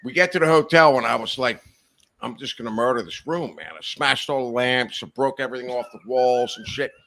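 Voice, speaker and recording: A man's voice: medium pitch, a little fast, creaky, fairly bright tone. A man casually telling rambling, profane anecdotes on a podcast, laughing as he goes. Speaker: podcast guest telling stories. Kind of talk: casual storytelling chat.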